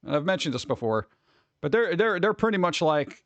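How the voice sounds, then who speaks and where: A man's voice: fairly high pitch, sing-song, fairly quick, no room sound. A man chatting casually with his stream chat, rambling with many restarts. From New York. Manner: rambling, restarts, mimics people in quotes.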